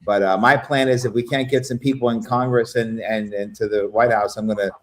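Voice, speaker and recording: A man chatting on a livestream panel, rambling and profane as he tells stories in a casual, animated way. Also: lowish voice, a little fast. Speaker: panel guest.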